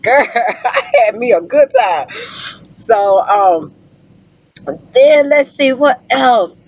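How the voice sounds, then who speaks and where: A woman truck driver telling stories in a casual vlog, animated and laughing, with plenty of exclamations. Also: fairly high pitch, slow pace, no room sound. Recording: dull lo-fi sound.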